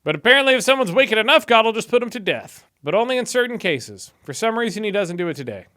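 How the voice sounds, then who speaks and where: A man's voice: high-pitched, very animated, quick pace, pushed and bright. A man reading scripture aloud in a casual video and adding his own chatty, wry asides as he goes. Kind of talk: casual Bible reading with commentary.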